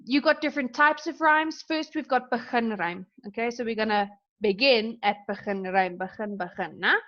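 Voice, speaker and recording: A young woman gives a recorded lesson in a fairly high voice, stopping often to check "okay?" as she explains. The sound is dull and lo-fi, like a basic laptop mic. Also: moderate pace, fairly bright tone. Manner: explains with frequent "okay?" checks, mixing in Afrikaans terms. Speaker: teacher. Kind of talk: recorded screen-share lesson.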